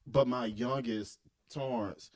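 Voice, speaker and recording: A man's voice: mid-range voice, steady tone, slow. A man co-hosting a casual comedy podcast, telling stories with frequent laughter, stammers and restarts. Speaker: podcast co-host.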